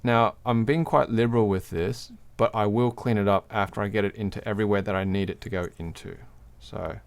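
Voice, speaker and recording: A man's voice: lowish voice, fairly even intonation, a little fast, vocal fry. A man hosting a livestream, casually talking through a hands-on craft demonstration at his workbench, explaining each step as he works and laughing now and then. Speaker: livestream host. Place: home workbench.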